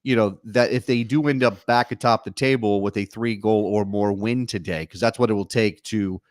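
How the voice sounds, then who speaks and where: Wry animated soccer talk man. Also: on the low side, normal speed, no echo, studio quality. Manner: animated, wry, self-correcting restarts. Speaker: soccer show co-host. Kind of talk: casual sports talk.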